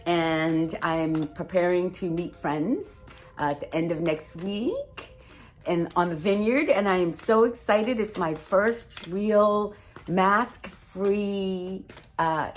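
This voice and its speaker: A woman hosting a casual spiritual video from home by the fire, chatting in a rambling way with fillers and giving encouraging advice. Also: sits low. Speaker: host reading oracle cards. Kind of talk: casual spiritual vlog chat.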